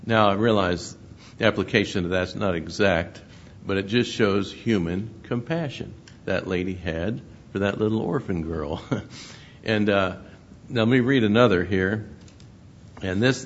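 Husky preacher man, lo-fi sermon. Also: deep voice. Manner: halting, repeats words, reads aloud louder. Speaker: pastor. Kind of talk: sermon with scripture reading. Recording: dull lo-fi recording.

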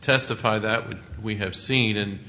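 A man teaching through a Bible passage verse by verse. He reads scripture aloud with rising emphasis, then explains it in a relaxed, conversational way. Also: fairly low pitch, measured pace, muffled recording.

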